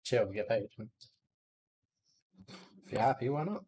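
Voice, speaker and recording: A man's voice: medium pitch, animated, takes it slowly, dark tone, slightly rough. A man on a dev stream chatting casually, laid-back and agreeable. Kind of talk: casual chat.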